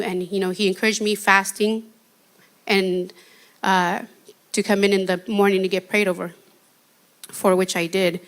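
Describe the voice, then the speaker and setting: A shy woman giving an earnest, halting testimony in a church interview. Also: mid-range voice, level tone, a bit bright.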